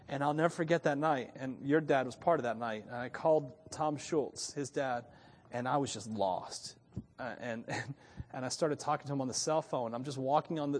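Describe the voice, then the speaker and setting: Animated storytelling pastor in a reverberant hall. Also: male voice, mid-range voice. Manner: conversational, animated storytelling with laughs. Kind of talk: sermon.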